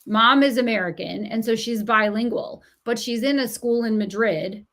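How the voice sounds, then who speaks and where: A woman's voice: on the high side, normal speed. A middle-aged woman, an author and writing coach, speaking as a guest in a podcast interview. She tells stories with animation, acts out the voices she quotes, and speaks with emphatic encouragement. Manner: animated storyteller who acts out quoted voices and laughs often.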